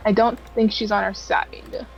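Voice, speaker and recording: A woman's voice: medium pitch, flat delivery, unhurried, gravelly, a little hiss or hum. Fretful woman on a muffled mic. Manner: fretful, self-deprecating. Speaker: player.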